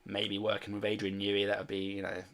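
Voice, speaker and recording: A man's voice: on the low side, completely flat delivery, fast talker, fairly bright tone. A man casually chatting on a livestream, rambling and hesitant with many fillers as he answers viewer questions. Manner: reads and answers viewer chat. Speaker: fantasy sports streamer.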